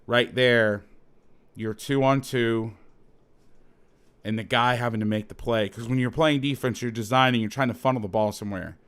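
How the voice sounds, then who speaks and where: A man at a middle, everyday pitch talks through football game film as a coach and host. His delivery is heated and blunt, full of swearing and emphatic repeats as he hammers home each point. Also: fairly even intonation, moderate pace, a bit bright, clear, resonant tone. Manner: heated, profane ranting with emphatic repetition. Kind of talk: football film breakdown commentary.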